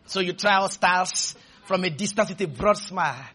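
A man preaching a sermon, shouting dramatic lines and leading the congregation in call-and-response. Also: high voice, moderate pace.

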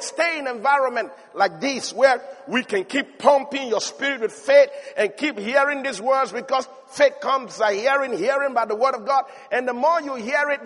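A male preacher with a very high voice delivers an animated sermon, building to emphatic shouts. He speaks in a large hall. A long reverb trails each phrase. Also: slightly rough.

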